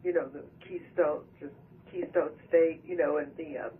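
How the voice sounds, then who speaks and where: A man's voice: on the high side, steady tone, moderate pace. A male reporter asking probing questions by phone, thinking aloud before he asks. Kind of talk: press conference questions by phone. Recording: tinny phone line with faint noise.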